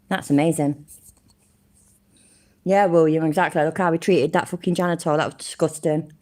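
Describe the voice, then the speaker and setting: A woman's voice: low-pitched, fairly even intonation, moderate pace, long pauses, a little mellow. A woman hosting a live reaction stream, blunt and sarcastic, swearing constantly as she comments on a video. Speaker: livestream reaction host.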